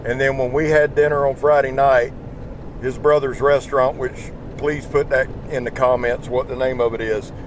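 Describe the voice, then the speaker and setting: A tired Southern man drives his pickup and rambles through a casual vlog chat, folksy and freely swearing; he hosts a YouTube knife channel. His medium-pitched voice holds a steady tone at a moderate pace, and the small truck microphone picks up background noise.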